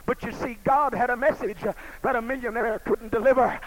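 A man preaching a sermon in a rhythmic delivery, swinging between hushed lines and shouts. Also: very high-pitched, fairly even intonation, a little fast, few pauses, a little hiss or hum, low-quality recording. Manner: shouting, rhythmic, rising and falling. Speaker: pastor.

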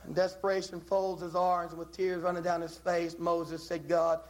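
High-voiced impassioned male preacher. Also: little pitch movement, moderate pace, poor audio. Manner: impassioned, repetitive, with dramatic rises. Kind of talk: sermon.

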